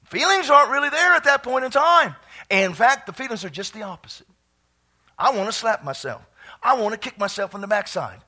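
Pastor, male, bright and high, repeats himself and laughs a lot, climbs to shouts. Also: a little fast. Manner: animated, dips to soft asides then builds to shouting; laughs often, repeats phrases. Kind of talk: sermon.

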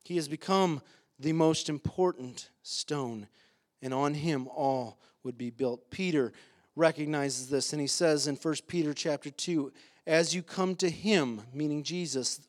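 A male pastor with a high-pitched voice delivering a sermon. He preaches with passion, climbing to emphatic peaks, and pauses on filler sounds between points. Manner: impassioned, rising to emphatic peaks, with frequent "uh" fillers.

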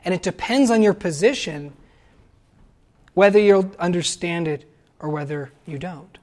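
A man giving a sermon, lively and conversational, acting out quoted voices and asking the listeners questions. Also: sits high, unhurried. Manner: animated, acts out quoted voices. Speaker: pastor.

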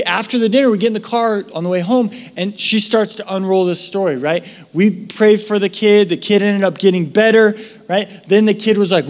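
A middle-aged male pastor giving a sermon in a casual, storytelling way, full of quick asides. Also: high voice.

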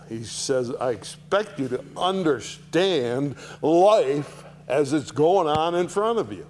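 A man teaching a Bible chapter verse by verse, reading lines and paraphrasing them in lively, pointed bursts, then dropping low for asides. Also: a little hiss or hum. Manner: animated, rising sharply to voice Paul's rebukes, dropping low for asides.

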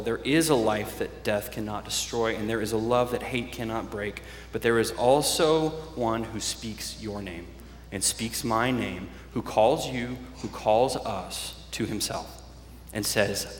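A man's voice: lowish voice, a little hiss or hum. Earnest male pastor preaching in a hall. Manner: earnest, with slow emphatic phrases. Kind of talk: sermon. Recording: echoey church hall.

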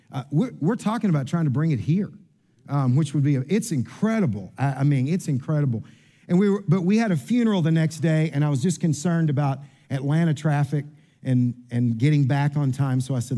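A man's voice: mid-range voice, dark tone. A middle-aged male pastor preaching a sermon, telling humorous stories about himself and often repeating words as he restarts. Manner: storytelling with humorous asides and self-mockery.

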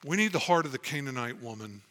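Man, pastor, sermon, bright clear voice, earnest, emphatic. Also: mid-range voice, lively intonation, quick pace.

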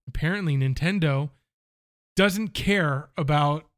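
A man telling a story in casual chat, animated, acting out both sides of phone calls. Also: fairly high pitch, a little slow.

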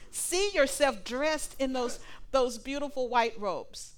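A woman with a high-pitched voice preaches slowly to a live congregation. She is animated and playful, acting out little dialogues and dropping laughing asides.

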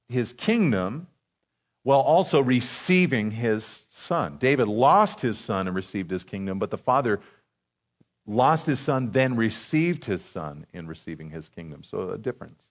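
A man teaching through a Bible passage verse by verse, reading scripture aloud and then explaining it in a relaxed, informal way. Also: medium pitch. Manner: relaxed, informal asides with fillers.

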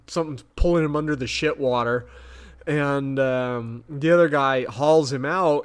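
Animated man recapping an episode. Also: on the high side. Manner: animated, squeals when grossed out. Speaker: podcast co-host. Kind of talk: casual recap chat.

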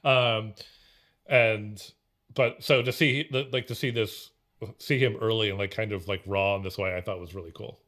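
A man's voice: on the low side, fairly even intonation, moderate pace, fairly bright tone. A man co-hosting a casual film podcast, rambling with many fillers and restarts. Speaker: podcast co-host.

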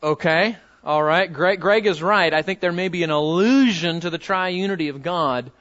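A man delivers a sermon in a rather high voice, hammering points home by repeating words and throwing questions at his listeners. The recording sounds a little dull and lo-fi. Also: normal speed, a bit bright. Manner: emphatic, repeats words for stress, asks the audience questions. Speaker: pastor.

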